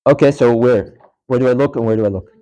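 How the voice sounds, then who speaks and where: A man teaching a class in a mosque, talking quickly and casually. He keeps asking the students questions and checking they follow, in a mid-pitched voice that moves at a brisk clip. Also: dark tone, rough recording. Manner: fast, casual, quizzes the class. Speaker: Islamic studies teacher. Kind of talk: live classroom lecture with prayer demonstration.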